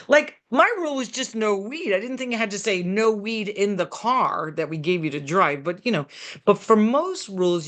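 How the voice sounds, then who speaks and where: A middle-aged woman therapist giving parenting advice in an animated, chatty way, full of restarts and asides. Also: lowish voice. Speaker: therapist in private practice. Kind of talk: conversational advice talk. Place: local community TV program.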